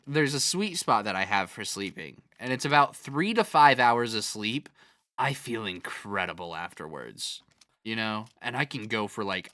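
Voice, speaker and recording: A man rambles to his stream chat between gameplay, swearing freely and laughing often, and answers the comments as he reads them aloud. His voice is bright and forward. The sound is close and dry. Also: fairly low pitch, no echo. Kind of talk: casual chat while gaming.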